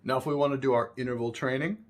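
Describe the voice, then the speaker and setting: A man giving a spoken music lesson, explaining calmly between sung examples, with violin playing behind him. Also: medium pitch. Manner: unhurried, explanatory, breaks into singing syllables. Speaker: music teacher.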